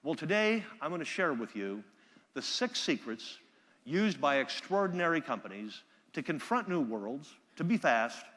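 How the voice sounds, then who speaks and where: A man giving a live keynote speech from a conference stage, telling stories with energy and loud bursts when he quotes people. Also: fairly high pitch, very animated, normal speed, big-room sound. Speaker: keynote speaker. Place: large conference hall.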